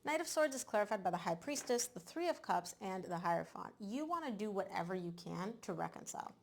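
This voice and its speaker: Woman tarot reader, casual to camera, emphatic and animated, medium voice. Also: mid-range voice, brisk, gravelly. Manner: animated, emphatic, repeats words for stress.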